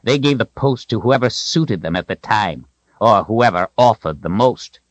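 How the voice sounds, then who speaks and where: A man voicing an old, bony male wizard who is proud and cryptic, talking in high proclamations and secretive asides. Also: big pitch swings, unhurried, no echo, muffled recording. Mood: wry, knowing.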